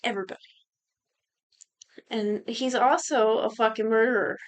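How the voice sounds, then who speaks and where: Young female podcast co-host, higher voice, animated and profane recap delivery. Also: moderate pace. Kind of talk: casual chat.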